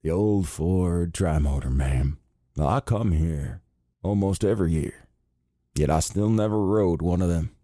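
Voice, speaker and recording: A man voicing a ninety-year-old World War Two fighter pilot with a slow, raspy voice and a Southern accent. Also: deep voice, mellow, no room sound, studio quality. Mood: kindly. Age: 90s. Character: very old male WWII fighter pilot, tired, gentle.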